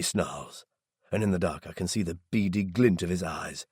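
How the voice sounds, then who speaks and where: A man reads a first-person audiobook in a very deep, husky voice with a tense, low intensity. The sound is close and completely dry, with no room around it. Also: moderate pace, darkish tone, no room sound. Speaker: audiobook narrator.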